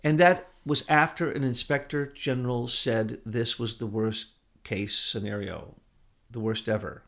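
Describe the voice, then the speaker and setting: A man giving impassioned political commentary as co-host, with loud, emphatic bursts that rise and fall. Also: mid-range voice, fairly even intonation, unhurried.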